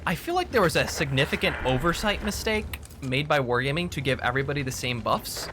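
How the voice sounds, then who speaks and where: A man's voice: a little high, big pitch swings, fairly quick, noisy background. A man hosting a casual gaming chat, agreeable and muttering to himself as he plays. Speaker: gaming video host.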